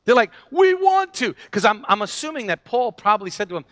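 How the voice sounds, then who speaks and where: Male pastor, sermon, bright higher voice, dry close sound, storytelling with acted quotes. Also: fast, no room sound. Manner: animated storytelling, acts out quoted voices, frequent restarts.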